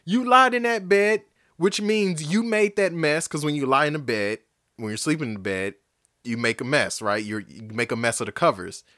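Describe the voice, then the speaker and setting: A man hosting a solo podcast, ranting angrily and profanely, swinging between shouting and muttering. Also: on the high side, moderate pace, no echo, clean studio sound. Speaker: podcast host.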